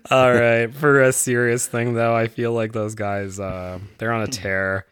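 A man's voice: mid-range voice, little pitch movement, unhurried, fairly bright tone, clean tone, dry recording, studio quality. A man co-hosting a podcast, rambling and laughing often as he chats casually. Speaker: podcast co-host. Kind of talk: casual chat.

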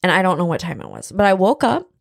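A woman telling a story in casual chat, animated and blunt, laughing often. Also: on the low side, fast talker, vocal fry, no room sound, studio quality.

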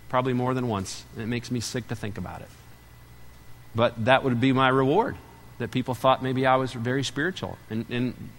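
A middle-aged pastor preaching a sermon, telling a story with lively swings between loud and hushed delivery. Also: male voice, mid-range voice, big-room sound.

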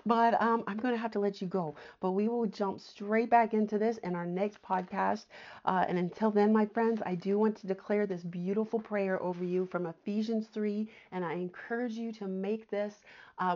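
Soft-spoken woman teaching the Bible. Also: mid-range voice, muffled recording. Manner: warm earnest preaching, often says "my friends" and "amen"; drops to soft, near-whispered emphasis. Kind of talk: conversational Bible teaching podcast.

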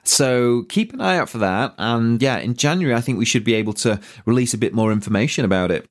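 A British man with a husky voice hosting a podcast, giving a relaxed, rambling business update full of "sort of" fillers. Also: mid-range voice, fast talker. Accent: British English. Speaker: podcast host, property business owner. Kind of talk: casual business update monologue.

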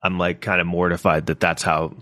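Halting deep-voiced male podcast host. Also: flat delivery, bright, forceful tone, no echo, clean studio sound. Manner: halting, hesitant, self-deprecating. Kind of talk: casual chat.

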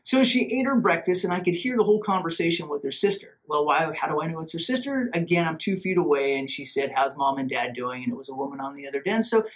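A man hosting a podcast, telling a story casually in an animated, self-mocking way and acting out his own inner voice. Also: a little high, fast, few pauses. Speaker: podcast host.

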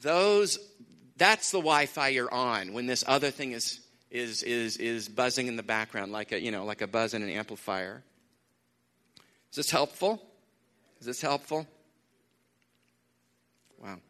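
A man preaching a sermon in a conversational way, repeating phrases for emphasis, with lively asides. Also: medium pitch, moderate pace. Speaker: pastor. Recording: long hall reverb.

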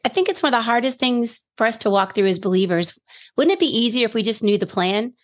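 A woman's voice: a little high, animated, fast. A middle-aged woman, a grandmother, giving an earnest personal testimony as a guest in a faith interview, emphatic at key phrases.

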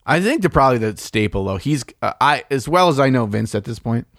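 Casual podcast co-host, male, mid-pitched, laid-back rambler who swears freely, dry close sound. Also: animated, a little fast, no echo. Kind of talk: casual chat.

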